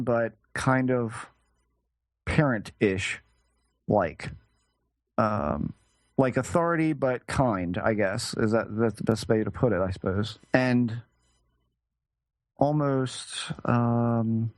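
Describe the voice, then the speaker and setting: A male podcast guest, mid-range in pitch, recounts something he personally went through, speaking haltingly as he searches for words and frequently starts over. The recording is dry.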